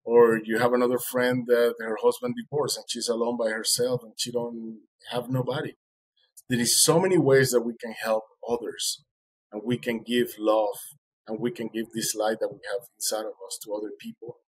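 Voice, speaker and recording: A man's voice: medium pitch, little pitch movement, normal speed, slightly rough, low-quality recording. A man, an interview guest, telling his story animatedly and acting out the dialogue, with non-native grammar.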